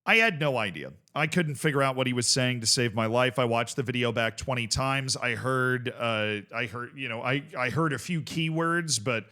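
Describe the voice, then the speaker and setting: A young man hosting a casual video reaction show, talking in an animated, rambling way with swearing and bursts of laughter. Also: medium pitch, moderate pace, few pauses. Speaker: host.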